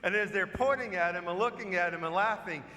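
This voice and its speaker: Priest giving a homily, man with a high, bright voice, chatty storyteller, long echo of a church. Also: fairly quick, a little hiss or hum. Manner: storytelling, conversational preaching with rhetorical questions. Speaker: parish priest. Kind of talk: sermon.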